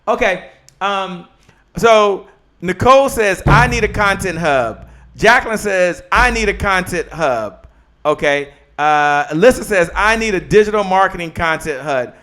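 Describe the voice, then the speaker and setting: Lively high-voiced male show host. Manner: animated, excitable, talks to viewers and guest. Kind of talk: live-stream talk show hosting.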